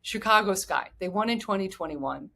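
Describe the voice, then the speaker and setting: An excited woman in middle age hosts a sports podcast on her own. She talks eagerly and goes off on heartfelt tangents, her voice pitched right in the middle. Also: normal speed, vocal fry. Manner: enthusiastic, digressive, emotional. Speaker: podcast host. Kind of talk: solo sports podcast talk.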